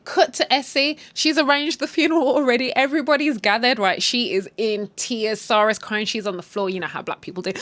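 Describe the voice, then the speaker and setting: A young adult woman retelling a TV series in a casual, animated, slangy way. She swears freely and laughs along with her own commentary. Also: fairly high pitch, a little fast, hardly any pauses. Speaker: show recap host. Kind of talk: casual spoken story recap.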